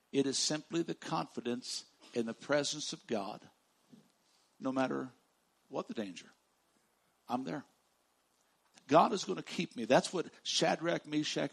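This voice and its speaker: A man preaching a sermon as pastor, stressing words by repeating them and swinging from loud declarations to hushed, slow lines. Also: mid-range voice, gravelly, husky.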